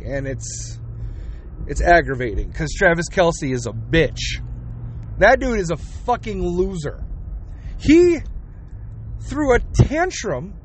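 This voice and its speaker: A man's voice: high-pitched, a little hiss or hum. A young man hosting a podcast, delivering an angry, sweary, sarcastic solo rant. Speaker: podcast host.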